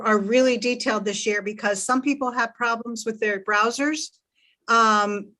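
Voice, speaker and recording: Higher-voiced woman giving staff advice. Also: pushed and bright, rough recording. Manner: practical, explanatory. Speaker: committee staff. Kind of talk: procedural advice at a hearing.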